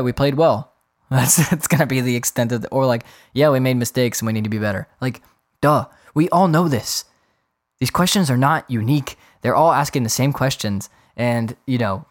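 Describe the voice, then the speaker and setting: A man hosting his own podcast in a casual solo rant, exasperated and profane, often mocking others in put-on voices. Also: mid-range voice. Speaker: podcast host.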